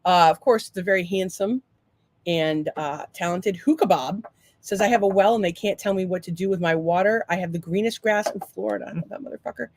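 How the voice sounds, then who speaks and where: A woman from Massachusetts with a Boston accent co-hosts a podcast, rambling casually, swearing a lot, and reading listener comments aloud. Her voice is fairly low, a little fast and a little mellow, and the recording is dry. It's casual chat.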